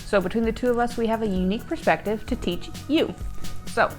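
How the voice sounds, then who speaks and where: Talking quickly in a rather high voice over music, a woman runs a language lesson as host and learner. She explains things in a chatty style full of fillers, occasionally glancing at her notes.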